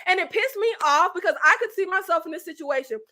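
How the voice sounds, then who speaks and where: A woman vlogger rants about a reality dating show in a very high, bright, sharp voice. She talks emphatically and profanely, repeating her points. Her commentary is casual and laugh-filled. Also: fast talker. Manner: animated, profane ranting with frequent laughs; talkative and emphatic, repeats phrases.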